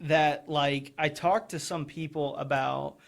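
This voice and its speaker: A man talks through a casual podcast conversation in a slightly raised pitch. He speeds up as he rants and keeps slipping into mocking voices for the people he quotes. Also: creaky. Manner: quick, animated, mocking voices when quoting people. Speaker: podcast host.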